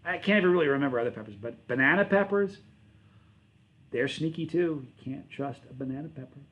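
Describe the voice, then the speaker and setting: A channel host reads his livestream chat and answers in a casual, rambling, friendly way, often correcting himself mid-sentence. His voice is fairly high, expressive, and fairly quick, and the sound is lo-fi.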